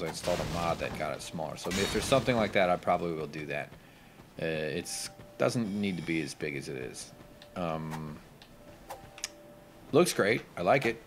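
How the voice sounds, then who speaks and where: A man's voice: sits low, background noise. A man giving casual, crude, sarcastic commentary over a video game playthrough. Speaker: gameplay commentator. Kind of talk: casual let's play commentary.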